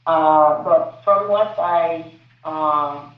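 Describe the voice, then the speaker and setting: A hesitant woman filmmaker gives a panel answer, pausing often to find her words. She speaks slowly, and her voice comes from far off in an echoey room. The sound is thin and phone-like. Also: low-pitched. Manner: hesitant, searching for words, many fillers. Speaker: filmmaker answering audience questions.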